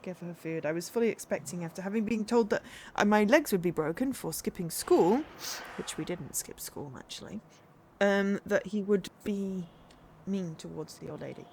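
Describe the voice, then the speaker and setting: A woman's voice: mid-range voice, normal speed, a little mellow, a little hiss or hum. A woman streaming a story game, chatting casually in a sleepy, rambling way, often correcting herself and laughing. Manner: rambling, self-correcting, giggly. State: sleepy, yawning. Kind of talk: casual gameplay commentary.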